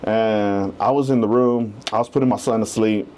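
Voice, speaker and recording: A man in his thirties, a real estate agent and podcast guest, telling his story in a casual, animated way and acting out the quotes. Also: lowish voice, moderate pace.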